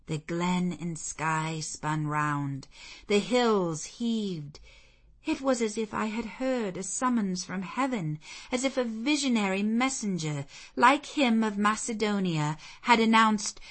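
This is scripted literary narration of a classic novel by a female audiobook narrator. Her pitch sits in the middle, and her delivery is steady and expressive, like a storyteller's.

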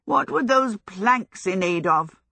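A woman's voice: medium pitch, lively intonation, slow, creaky, bright, forceful tone, dry recording, clean studio sound, pitched above the performer's own voice, exaggerated voice. A woman reading aloud, voicing a vain young male wizard who talks in a theatrical, irritable way. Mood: grumpy.

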